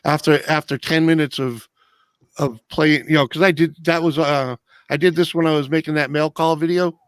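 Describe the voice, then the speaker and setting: A man's voice: a little high, steady tone, moderate pace, clean tone, dry recording. A man hosting a casual video-call hangout, talking loosely, rambling and swearing. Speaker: host. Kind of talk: casual chat.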